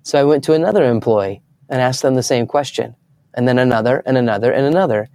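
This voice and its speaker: A man's voice: mid-range voice, fast, darkish tone, no room sound. A young adult man, a guest in an interview, telling stories earnestly and acting out the voices of people he quotes. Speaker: guest speaker. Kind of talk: storytelling in an interview.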